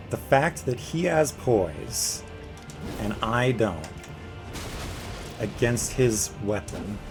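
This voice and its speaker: A man giving casual, jokey let's play commentary, talking to the boss as he fights it. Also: lowish voice. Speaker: gaming video creator. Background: game music.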